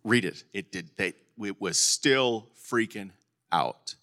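Middle-aged male pastor with a bright, forceful voice who preaches with energy and keeps calling out to the congregation. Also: lowish voice, slow. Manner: animated preaching, calls out to congregation. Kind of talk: sermon.

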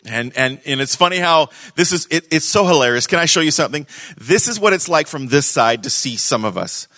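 A man preaching a sermon to a church congregation, conversational and animated, swinging between loud emphasis and hushed moments. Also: fairly high pitch, fairly quick, dry recording. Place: church service.

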